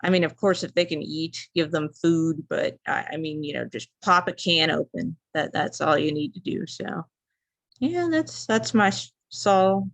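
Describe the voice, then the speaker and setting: A woman's voice: lowish voice, expressive, measured pace, gravelly, no room sound. A young woman, a student, telling a personal story as a class speech in a rambling, casual way with many fillers. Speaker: student speaker.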